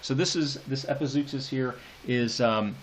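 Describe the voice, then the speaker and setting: A man's voice: mid-range voice, moderate pace, a little hiss or hum. A man giving a recorded lecture on a poem, explaining patiently and thinking aloud with frequent fillers and restarts. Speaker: literature teacher.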